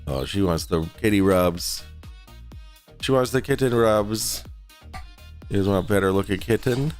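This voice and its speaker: Tired, low-voiced man streaming from home. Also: unhurried, soft background music. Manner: casual, rambling, swears freely. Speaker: streamer host. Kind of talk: casual livestream chat.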